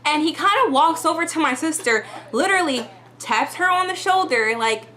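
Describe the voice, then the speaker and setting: A young woman vlogger telling a story to camera, chatty and loose, her speech packed with fillers. Her voice is bright and a little higher than most. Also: expressive, normal speed. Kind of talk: storytime vlog.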